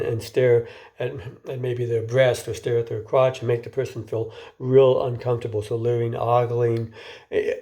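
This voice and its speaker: Mellow-voiced man giving a casual lecture. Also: mid-range voice. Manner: conversational, repeats words when restarting; asks the listener questions. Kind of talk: informal lecture.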